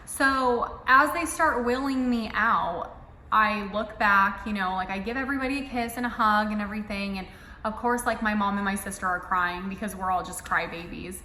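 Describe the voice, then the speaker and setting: Young woman vlogging, bright voice, lots of "like", echoey room. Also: medium pitch, moderate pace, a little hiss or hum. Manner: casual, emotional, heavy filler "like". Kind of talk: personal storytelling.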